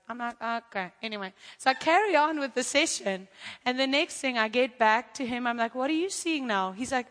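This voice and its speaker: A woman's voice: a little high, fairly quick, in a large hall. A woman preaching and telling a testimony, acting out the people in her story. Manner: animated storytelling, acting out quotes. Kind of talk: sermon testimony.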